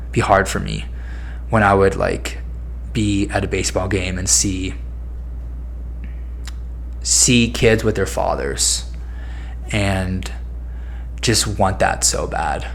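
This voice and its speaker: A young man in his twenties talks through a personal podcast monologue in a lowish voice. He is candid and emotional and swears freely. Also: vocal fry, a little hiss or hum. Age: 20s. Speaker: podcast host.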